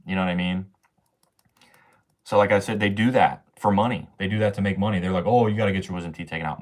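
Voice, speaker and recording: A young man talks to his livestream chat in a loose, slangy rant full of swearing. His voice sits on the low side, and his talk is offhand and casual. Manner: slangy, ranting, swears often.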